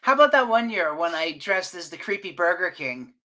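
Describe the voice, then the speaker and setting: A man's voice: sits high, expressive, a little fast, bright, forceful tone. A middle-aged man co-hosting a podcast, telling rambling, laughing stories in casual chat. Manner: rambling storyteller, lots of restarts and laughs. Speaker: podcast co-host.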